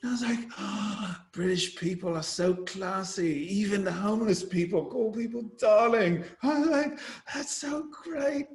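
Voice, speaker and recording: A man's voice: high-pitched, measured pace, few pauses, voice pushed up. A man voicing an American affecting a posh British accent, theatrical and sing-song, in a roomy-sounding recording. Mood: playful. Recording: roomy echo.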